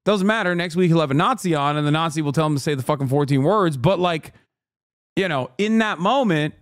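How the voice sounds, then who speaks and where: Indignant streamer man ranting fast. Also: a little high, dry recording, clean studio sound. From Turkey. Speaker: streamer reacting to a video. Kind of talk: heated live-stream commentary.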